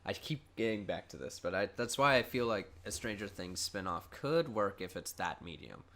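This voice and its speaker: A man with a low, bright and forceful voice chats casually as a podcast co-host. He talks loosely, hesitating and restarting his sentences. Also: expressive, normal speed. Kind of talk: casual chat.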